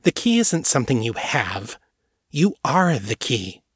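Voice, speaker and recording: Man doing a sneering, gaunt young thrall woman; husky. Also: medium pitch, big pitch swings, a little slow, fairly bright tone, dry recording, studio quality, heavily acted.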